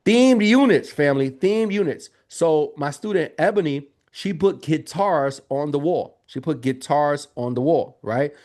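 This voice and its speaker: A man coaching viewers in casual livestream talk, animated and calling to the chat. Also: on the high side, measured pace, hardly any pauses. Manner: animated, talks straight to the chat with lots of y'all. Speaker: Airbnb business coach. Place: home office.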